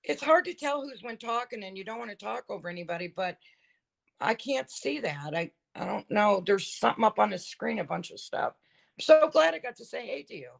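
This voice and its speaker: Goofy woman with a lively, gravelly voice. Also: medium pitch, brisk. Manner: goofy and joking. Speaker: chat guest. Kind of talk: casual group chat on a live stream.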